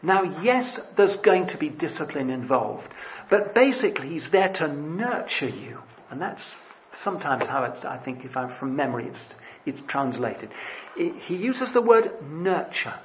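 A male preacher gives a sermon in a loose, conversational manner, circling back with restarts and asides. His voice sits a little high for a man. The church recording sounds dull and lo-fi, with a faint hiss underneath. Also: sing-song, unhurried.

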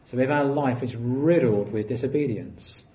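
A preacher with a middle-pitched, earnest voice moves at a moderate pace through his sermon. He raises his voice for emphasis, then drops to hushed, low phrases, and the recording sounds a little dull and muffled.

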